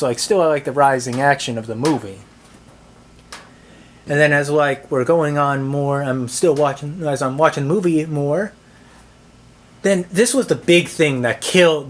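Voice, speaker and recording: A man tells a camera how a movie night went wrong, swearing often and sounding thoroughly exasperated. His delivery rambles, stumbling through restarts and filler words as he complains. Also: on the high side. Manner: halting, full of restarts and "like". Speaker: movie reviewer. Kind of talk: ranting movie-theater story.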